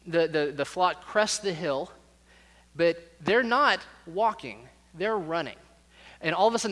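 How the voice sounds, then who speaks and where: Male pastor, fairly high voice, chatty storytelling sermon, long church reverb. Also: a bit bright. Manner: conversational, repeats words as he goes. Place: church sanctuary. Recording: reverberant hall.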